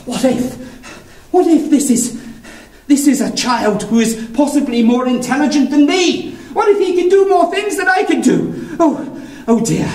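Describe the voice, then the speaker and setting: A man's voice: very high voice, normal speed, a little mellow, distant mic, voice pushed up. A man voicing a fretful, middle-aged male inventor and father who speaks in a flustered, hesitant, stammering way. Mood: worried. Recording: echoey cave, voice from afar.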